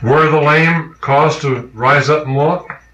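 A man's voice: a little high, steady tone, slow, a bit bright, roomy sound, dull audio. A man preaching a sermon, emphatic and questioning his congregation.

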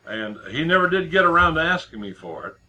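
A man's voice: a little high, very animated, brisk, bright, forceful tone, poor audio. A middle-aged man preaching a sermon in a conversational way, with many restarts and repeated words as he tells a story.

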